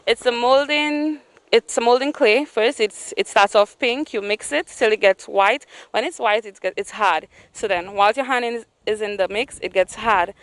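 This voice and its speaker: A woman's voice: a little high, moderate pace, dry recording, rough recording. A woman from Saint Lucia, a guest on a morning TV show, explaining her small business in an earnest, plain-spoken way. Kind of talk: TV interview.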